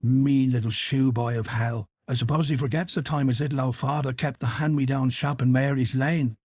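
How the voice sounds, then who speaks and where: A man voicing an excitable, snuffling, gossiping middle-aged canvasser in an audiobook. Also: medium pitch, moderate pace, no echo, studio quality, natural voice. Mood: scornful gossip.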